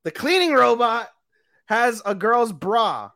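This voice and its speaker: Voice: mid-range voice, big pitch swings, takes it slowly, sharp tone. Profane, rambling podcast storyteller. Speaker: podcast co-host. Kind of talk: casual chat recapping an anime.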